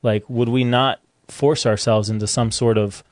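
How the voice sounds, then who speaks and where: A man's voice: mid-range voice, moderate pace, no room sound. Casual male co-host, easygoing storyteller, dry close-mic sound. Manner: relaxed storytelling with frequent restarts. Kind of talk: casual discussion.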